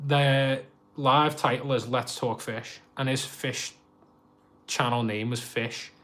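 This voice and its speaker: A man's voice: mid-range voice, fairly even intonation, slow, a bit bright. A man with a Scouse accent chatting casually on a fishkeeping live stream, laughing often and poking fun at himself. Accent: Liverpool (Scouse).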